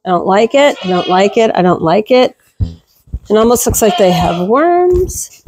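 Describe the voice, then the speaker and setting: A woman's voice: a little high, lively intonation, measured pace, a little mellow, slight background noise, low-quality recording. A woman goat farmer vlogging casually while doing barn chores, talking fondly to her goats and scolding them.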